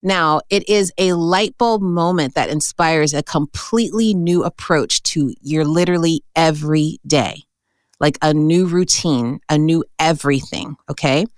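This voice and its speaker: A woman with a deep, low voice talks through an astrology reading in a relaxed, chatty way. She keeps checking in with her listener as she goes. The sound is dry and close. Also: measured pace, no echo. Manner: chatty, animated, often says "okay?" and "right?". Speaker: astrologer host.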